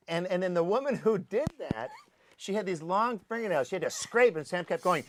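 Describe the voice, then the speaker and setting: Animated man telling lively film-set stories. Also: high-pitched, fairly quick. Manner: lively storyteller who acts out sounds and voices. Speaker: actor recalling a film shoot.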